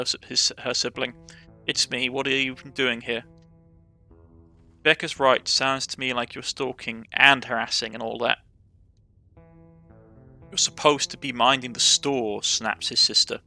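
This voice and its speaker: A man's voice: medium pitch, gravelly, pushed and bright. A man with a Cornish accent reading a narrative game's text and dialogue aloud, often stumbling and correcting himself. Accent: Cornish English. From Cornwall, England. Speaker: let's play gamer. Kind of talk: reading game text aloud with light character voices.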